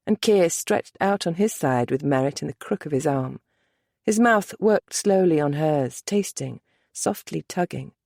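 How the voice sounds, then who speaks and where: Low-voiced woman narrating a romance. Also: no room sound, clean studio sound. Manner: soft, measured, intimate. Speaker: audiobook narrator.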